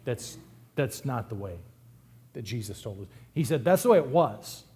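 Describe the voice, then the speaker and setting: A man's voice: medium pitch, normal speed. A man preaching a sermon in a conversational, joking way, rising and dropping his voice for effect. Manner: humorous, conversational, lively swings in loudness. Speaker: pastor.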